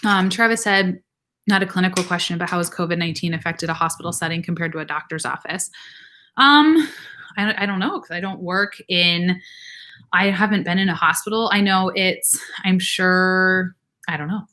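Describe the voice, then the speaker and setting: With a fairly low, pushed and bright voice at normal speed, a young nurse practitioner runs a relaxed livestream Q&A. She reads out viewer comments while chatting and rambling, filling gaps with plenty of fillers.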